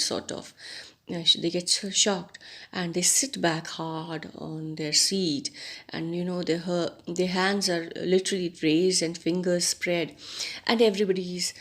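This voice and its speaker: A woman teacher, explaining a story line by line to students with many pauses and rephrasings. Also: on the low side, a bit bright. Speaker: English teacher. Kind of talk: explaining a story text in class.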